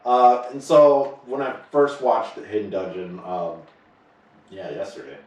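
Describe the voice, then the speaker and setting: A man co-hosting a podcast in casual chat, talking haltingly with many pauses and restarts. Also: on the low side, lively intonation, a little mellow. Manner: halting, many fillers and restarts, laughs often. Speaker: podcast co-host. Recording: echoey room, far from the mic.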